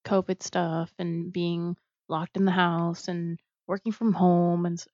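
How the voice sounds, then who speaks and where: A woman's voice: lowish voice, level tone, a little slow, darkish tone, no room sound. A woman co-hosting a podcast in casual chat, hesitant with many fillers. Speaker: podcast co-host. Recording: dull, muffled audio.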